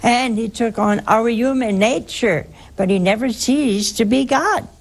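An older woman hosting a religious call-in show, teaching slowly and emphatically with sudden high rises. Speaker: religious radio host answering callers.

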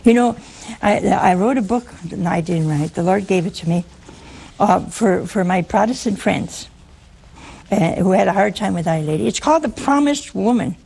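Husky gravelly woman preaching slow, jokey and chatty, keeps asking the crowd stuff. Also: mid-range voice, dark tone. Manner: teasing and humorous, asks listeners questions. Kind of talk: conversational sermon.

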